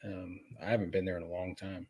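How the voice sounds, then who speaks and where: A man's voice: low-pitched, flat delivery, fast, a little mellow, breathy edge. A man guest in casual chat, talking hesitantly with many fillers and restarts.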